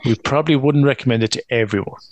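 A man's voice: medium pitch, quick pace, dry recording. A man hosting a film review podcast, who teases his co-hosts and steers the talk along. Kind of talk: casual film review chat.

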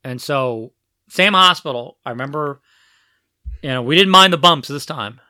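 Guy telling old family stories to his grown kid, super lively ups and downs, bright voice, dry close sound. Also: a little high, moderate pace, dry recording. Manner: animated, acts out quoted voices, frequent restarts. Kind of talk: casual storytelling conversation.

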